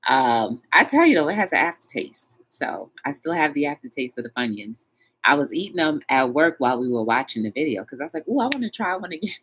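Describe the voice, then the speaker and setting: A woman hosting a casual livestream talk show, greeting her viewers one by one in a chatty, animated way. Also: extremely low pitch, brisk, breathy edge.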